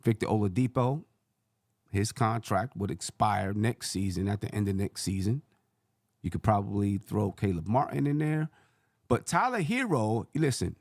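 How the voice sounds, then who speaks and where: Gravelly low-voiced man talking basketball. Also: a little mellow, no room sound, studio quality. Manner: rambling, thinks aloud with self-corrections. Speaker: sports channel host. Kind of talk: casual basketball commentary.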